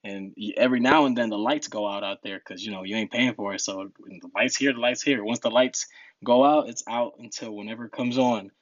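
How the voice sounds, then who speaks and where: A man's voice: on the low side, a little fast, no room sound, dull audio. A young man from New Jersey, a podcast guest telling stories in a laid-back way, laughing often. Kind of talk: casual storytelling.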